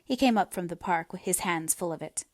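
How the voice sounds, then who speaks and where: Woman reading a novel out loud, expressive, super dry close sound. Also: fairly low pitch, brisk, no room sound. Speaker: audiobook reader. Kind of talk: storybook narration.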